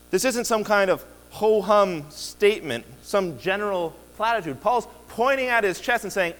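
Emphatic pastor preaching in a reverberant church. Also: male voice, sits high, expressive, moderate pace, hardly any pauses, a bit bright. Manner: earnest, emphatic preaching with repeated restarts. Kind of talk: sermon. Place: church sanctuary.

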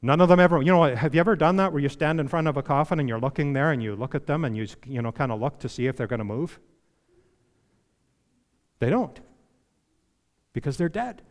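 Emphatic pastor in an echoing hall. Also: male voice, on the high side, expressive. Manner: emphatic, asks the congregation questions, slows down for scripture. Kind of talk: sermon. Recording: long reverb of a church hall.

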